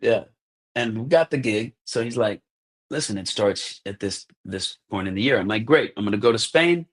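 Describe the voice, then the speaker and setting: This is an American man in his thirties with a fairly low voice, speaking as a podcast guest. He tells his stories in an animated, casual way, slipping into the voices of the people he quotes and peppering his talk with "like" and "bro". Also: normal speed. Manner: animated, acts out quoted dialogue, says "like" and "bro" often. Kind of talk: casual storytelling.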